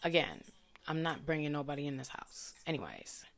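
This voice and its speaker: A woman's voice: deep voice, sing-song, a little fast, gravelly, soft background music. A young adult woman vlogger telling a frustrating personal story in a blunt, profane, casual monologue full of indignant questions. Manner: vents with indignant rhetorical questions.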